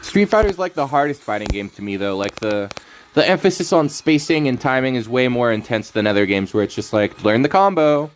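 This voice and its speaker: A man's voice: mid-range voice, animated, fairly quick, a little hiss or hum. A man streaming a card game, rambling through casual commentary, playful and laughing often.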